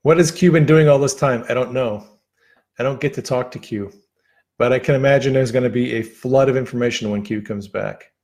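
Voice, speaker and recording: A man's voice: mid-range voice, a little mellow. Man rambling on a livestream. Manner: rambling, halting, with many fillers and restarts. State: losing his voice. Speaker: livestream host. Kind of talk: casual livestream chat.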